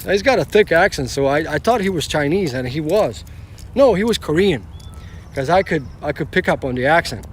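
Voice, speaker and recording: A man's voice: on the high side, animated, normal speed, slight background noise. A man driving for rideshare, telling a story on a casual live stream in a rambling way, restarting often and swearing casually.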